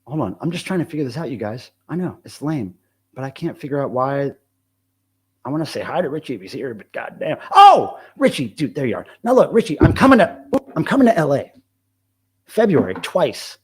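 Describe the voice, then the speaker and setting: A man's voice: medium pitch, sing-song, a little fast, husky. A middle-aged man hosting a casual live stream, reading the chat aloud and talking loosely with plenty of swearing. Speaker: livestream host.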